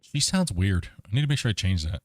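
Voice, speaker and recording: A man's voice: low voice, sing-song, fairly quick, no echo, studio quality. A man hosting a gaming livestream, rambling casually and chuckling as he talks to his chat.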